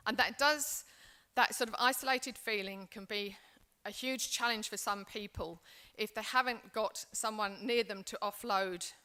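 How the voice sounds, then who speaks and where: A woman's voice: medium pitch, unhurried, hardly any pauses, pushed and bright. A woman from England presenting a seminar, speaking in an earnest, reflective way with frequent restarts. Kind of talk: seminar talk.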